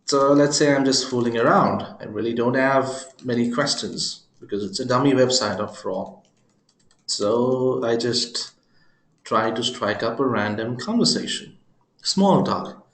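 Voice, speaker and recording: A man giving a screen-recorded software demo, talking his viewers through it with joking, chuckling asides. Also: mid-range voice, unhurried, reverberant. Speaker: software presenter.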